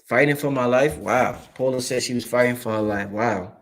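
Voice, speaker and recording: A man's voice: mid-range voice, moderate pace. A man from Brooklyn, New York hosting a casual livestream, talking loosely and profanely while reading and answering viewer chat. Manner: animated, profane, streetwise, addresses viewers directly.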